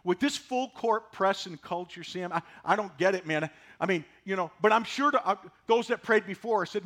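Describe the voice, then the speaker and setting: A man in his sixties preaching a sermon, folksy and animated, driving points home with repetition. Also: high voice, moderate pace, hardly any pauses. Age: 60s. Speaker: pastor.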